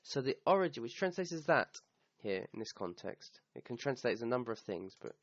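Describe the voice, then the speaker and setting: A man's voice: mid-range voice, big pitch swings, fairly quick, no room sound. Man teaching grammar over a dull, dry recording. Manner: explanatory, checks in with "okay?", quotes Arabic verses. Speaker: Quran teacher. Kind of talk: recorded Arabic grammar lesson. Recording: slightly dull, dry sound.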